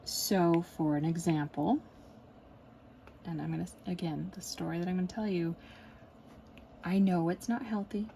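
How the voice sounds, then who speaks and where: A woman's voice: fairly low pitch, steady tone, moderate pace, creaky, long pauses, dark tone, slight background noise, poor audio. A woman in a casual, rambling chat while she works on a diamond painting at home, with lots of fillers and small laughs. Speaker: crafting vlogger.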